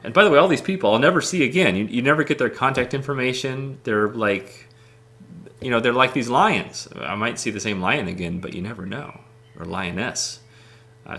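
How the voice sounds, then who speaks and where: Gravelly low-voiced man chatting casually. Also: pushed and bright. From United States. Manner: rambling, many ums, enthusiastic. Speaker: photographer showing his photos. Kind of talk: casual talk over photos.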